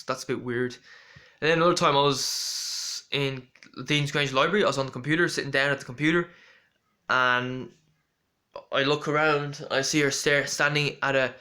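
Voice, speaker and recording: A man's voice: mid-range voice, pushed and bright. A young man rambling through a casual storytelling monologue with lots of fillers and restarts. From Ireland. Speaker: vlogger.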